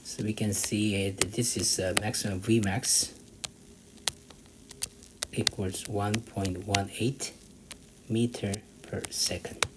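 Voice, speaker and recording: A man tutors math slowly and haltingly, walking through an exam problem while thinking aloud on a calculator and using many fillers. His voice is lowish with fairly even intonation, and faint background noise sits under the recording.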